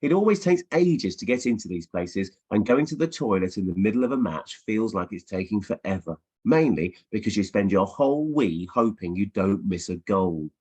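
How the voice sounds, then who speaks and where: A middle-aged children's author, calling in from his home office, answers schools' questions and reads aloud in a casual virtual Q&A. His lowish voice is expressive and darkish with a breathy edge, moving at normal speed with hardly any pauses. He's playful, with many ums and restarts.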